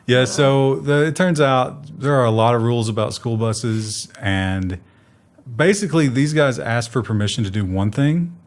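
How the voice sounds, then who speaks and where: A man's voice: medium pitch, expressive, moderate pace. A man co-hosting a casual tech news show, full of sarcastic jokes and asides.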